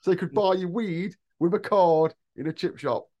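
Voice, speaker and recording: A man's voice: high-pitched, normal speed, lo-fi sound. An English electrician in his thirties, co-hosting a casual podcast and telling funny stories with swearing and laughter. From England. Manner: lively storyteller, swears, laughs often.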